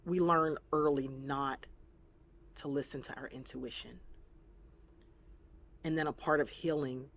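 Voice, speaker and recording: A woman's voice: a bass voice, steady tone, measured pace, long pauses, a little hiss or hum. A woman therapist guesting on an interview, talking earnestly and reflectively and sometimes acting out the voices she quotes. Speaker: trauma-focused therapist, guest.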